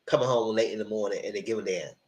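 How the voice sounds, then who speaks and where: A man's voice: on the low side, racing, darkish tone, slight background noise. A man giving a casual live recap of a reality TV show, exasperated and blunt, ranting and swearing as he talks back to the cast.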